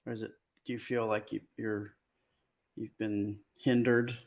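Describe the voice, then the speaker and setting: A man's voice: fairly low pitch, level tone, a little slow, darkish tone. A man co-hosting a casual live stream, mostly answering in short, dry remarks. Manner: brief dry interjections.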